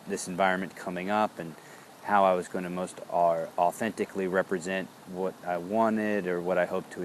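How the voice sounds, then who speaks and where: A man reflecting aloud in a body-awareness check-in, speaking slowly and introspectively, often pausing to search for words. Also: deep voice, a little hiss or hum. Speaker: founder of a wellness business.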